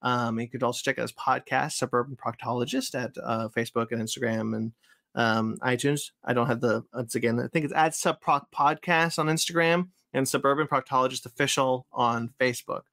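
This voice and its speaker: A man's voice: medium pitch, steady tone, brisk, creaky, a bit bright, dry recording, studio quality. A man hosting a podcast, wrapping up the show in a loose, rambling way with many restarts. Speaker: podcast host. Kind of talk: casual podcast chat and sign-off.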